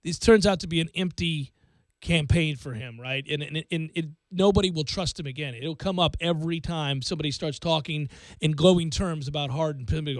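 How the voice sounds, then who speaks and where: A man hosting sports talk radio, ranting with lots of energy and playing out imagined quotes. His voice sits a little high and the studio sound is dry and close. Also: no echo. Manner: animated, fast, acts out hypothetical speeches.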